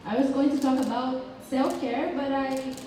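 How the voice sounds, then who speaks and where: A woman's voice: sits high, steady tone, normal speed, mellow. A woman giving a student presentation in English, hesitant and correcting herself. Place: large city council chamber. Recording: echoey hall from far off with noise.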